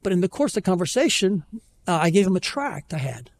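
A man preaching a conversational sermon as pastor, telling stories with self-deprecating humor and slowing down to plead earnestly. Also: high-pitched, big pitch swings, creaky. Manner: conversational storytelling, self-deprecating, pleading slowly at key points. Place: church.

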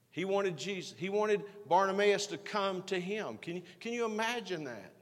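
A man preaching a sermon as pastor, swinging from emphatic rising lines to quiet, hushed asides. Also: sits high, expressive, brisk, hardly any pauses, long reverb tail.

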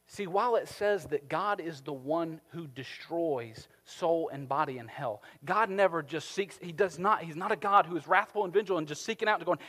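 Animated preacher in a reverberant hall. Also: male voice, a little high, normal speed, hardly any pauses. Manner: animated, rising to emphatic peaks then dropping soft. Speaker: pastor. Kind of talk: sermon.

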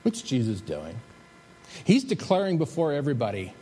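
A male pastor delivers a sermon, swinging between emphatic, lifted phrases and quiet, drawn-out drops. His voice carries a long reverb from a large hall. Faint background noise sits under it. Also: mid-range voice, animated. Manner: preaching with emphatic rises and soft drops. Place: church sanctuary.

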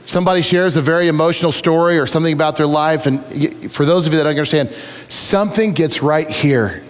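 A middle-aged male pastor preaches in a high, bright-pitched voice. He tells stories with animated, self-deprecating humor. His voice rings out with the long reverb of a large hall. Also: a little fast. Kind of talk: sermon.

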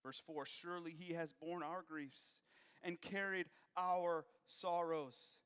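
A man preaching a sermon, moving from hushed, low passages to raised, emphatic ones. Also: fairly even intonation, slow pace, smooth, big-room sound.

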